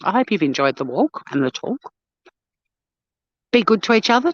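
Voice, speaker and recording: A woman's voice: mid-range voice, normal speed, no room sound. Aussie woman rambling on a walk, swears a lot, kinda dull dry phone sound. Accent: Australian. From Australia. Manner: blunt and sweary, animated storytelling. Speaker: vlogger. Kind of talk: casual walk-and-talk vlog chat. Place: outdoors on a walk.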